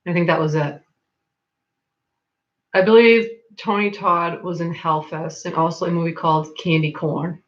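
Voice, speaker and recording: A woman's voice: on the low side, fairly even intonation, moderate pace, pauses often, lo-fi sound. A woman from Massachusetts with a local accent between Boston and Rhode Island, chatting casually on a livestream, reading comments, laughing often and filling her talk with "like". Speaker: livestream host.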